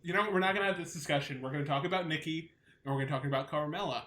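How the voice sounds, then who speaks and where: A man's voice: fairly high pitch, very fast, sharp tone, roomy sound. A man from Long Island with a light New York accent, co-hosting a podcast in casual chat, rambling and enthusiastic with many restarts. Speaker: podcast co-host.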